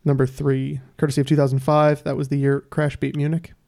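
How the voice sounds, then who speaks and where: A man hosting a casual podcast trivia game, reading questions slowly with frequent "uh" fillers. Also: fairly high pitch, flat delivery, gravelly, mellow. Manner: reads questions slowly and deliberately, with many "uh" fillers. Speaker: quiz host.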